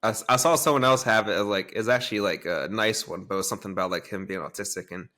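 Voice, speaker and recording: A man's voice: lowish voice, fast, pushed and bright. A man co-hosting a casual podcast, giggling often between his phrases. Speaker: podcast co-host.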